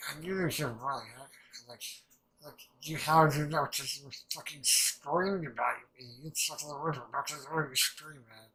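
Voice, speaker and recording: A young man rambling excitedly through a casual reaction commentary, swearing freely and restarting his sentences. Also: fairly high pitch, moderate pace, rough recording. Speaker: anime reaction channel host.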